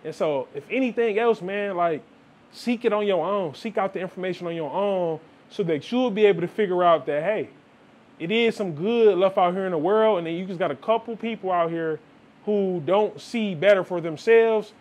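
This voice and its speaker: A young man with a light, high, slightly mellow voice speaks directly to his viewers at a moderate pace in a casual motivational vlog monologue. He lectures loosely and preachily, constantly dropping "man" and "like" and quoting people in asides.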